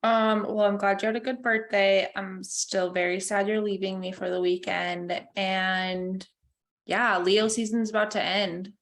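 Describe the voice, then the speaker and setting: Podcast co-host: woman in her thirties, mid-pitched, sincere and rambling. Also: flat delivery, a little slow. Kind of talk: casual chat.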